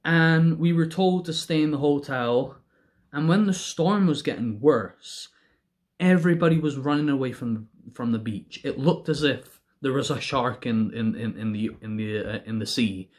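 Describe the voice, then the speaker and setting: A young man casually telling stories to camera, rambling, giggling often and swearing freely. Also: medium pitch. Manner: rambling and giggly, laughs through his own stories. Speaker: vlogger.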